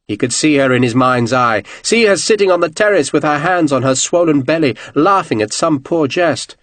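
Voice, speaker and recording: A male audiobook narrator telling the story with expressive, animated pitch. His voice sits a little high for a man, and the recording is close and dry with no room sound. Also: normal speed, hardly any pauses, no echo. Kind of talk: scripted narration.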